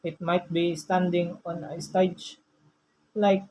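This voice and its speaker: Mid-pitched speaker explaining voice stuff, excited and chatty, switches register to show examples, faint hum behind. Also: slow pace, low-quality recording. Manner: demonstrates registers and pitch shifts by voicing examples. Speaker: speaker on voice use. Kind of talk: presentation on speaking voice.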